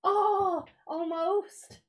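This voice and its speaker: Slow, high-voiced giggly woman. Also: steady tone. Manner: giggly, easily amused. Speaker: guest co-host. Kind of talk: casual banter.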